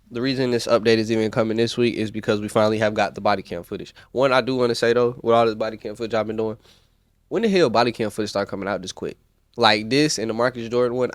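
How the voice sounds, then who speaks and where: A man's voice: on the low side, no room sound. A man with a Southern US accent hosting a podcast, recapping in a loose, rambling way and correcting himself as he goes. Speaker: podcast host. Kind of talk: casual commentary.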